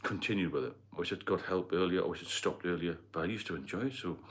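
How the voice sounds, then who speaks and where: A man's voice: low-pitched, fast talker. A middle-aged man with a mixed Geordie and London accent, hosting a casual livestream chat and rambling as he answers viewer comments. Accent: Geordie and London mix. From Northeast England. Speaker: livestream host.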